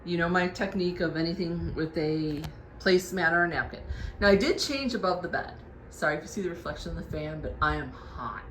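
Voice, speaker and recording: A woman walks viewers through her newly decorated bedroom, chatting in a homey way about each piece she found. Her voice sits a touch low. The bedroom gives a noticeable echo, with a faint hum of background noise behind her. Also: brisk. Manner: chatty, homey, shows items one by one. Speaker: home decor vlogger. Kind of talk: casual room tour vlog. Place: bedroom at home. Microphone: camera on tripod.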